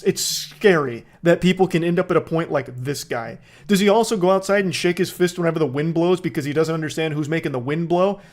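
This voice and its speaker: A man reads out a stranger's text messages and picks them apart with sarcastic, swearing commentary. His voice sits a little high for a man, and he sounds openly incredulous.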